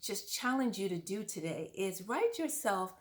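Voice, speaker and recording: A woman's voice: medium pitch, sing-song, normal speed. Earnest woman parent coach. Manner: earnest, coaching, asks the listener questions. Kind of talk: direct-to-camera parenting advice.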